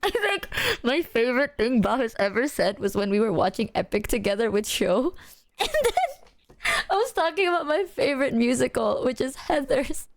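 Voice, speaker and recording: A young woman chats on stream in a slightly high voice, rambling through her stories. She swears freely and keeps breaking into laughter. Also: big pitch swings, normal speed. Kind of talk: casual chat.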